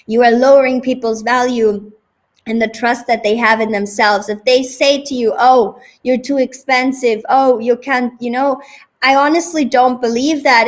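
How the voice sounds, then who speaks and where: Upbeat motivational woman coach. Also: fairly high pitch. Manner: upbeat, motivational, repeats points for emphasis. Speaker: business coach and host. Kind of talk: casual interview.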